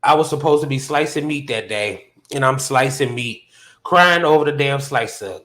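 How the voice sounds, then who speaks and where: Man, casual livestream host, animated storytelling, mid-pitched voice, high squeals for quoted reactions. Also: moderate pace. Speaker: podcast host. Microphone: phone on a hotspot.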